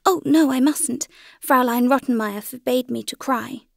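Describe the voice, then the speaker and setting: Lady reading as a shaky little storybook girl, high and small, dry close sound. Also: unhurried, creaky, no echo. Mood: timid, tearful. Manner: small, trembling and earnest. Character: frightened homesick little girl. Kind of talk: audiobook character reading.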